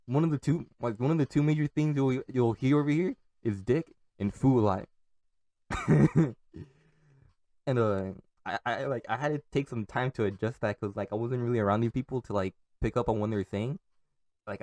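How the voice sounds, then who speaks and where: A young Californian man rambles on his own podcast, swearing a lot and often laughing at his own stories. His voice is mid-range with a dark tone, and there's no echo.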